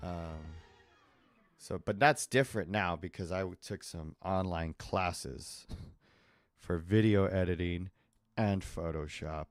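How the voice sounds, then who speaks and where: A man with a low-pitched voice talks slowly while live-streaming himself drawing, chatting in a loose, digressive way and laughing often. There's no room sound, just faint music in the background.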